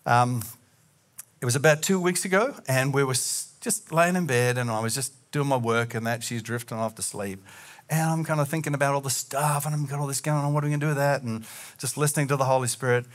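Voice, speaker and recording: A man preaching a sermon as a pastor, talking earnestly and telling personal stories, and acting out remembered conversations in lively bits. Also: medium pitch, fairly quick. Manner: animated, acts out remembered conversations.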